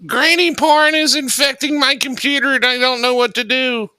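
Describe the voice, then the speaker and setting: A man jokes on a casual talk show and plays helpless. His voice is very high and sharp. The sound is dry and close. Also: steady tone, moderate pace, clean tone, no room sound. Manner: joking, mock-helpless. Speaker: radio show co-host. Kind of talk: casual comedic chat.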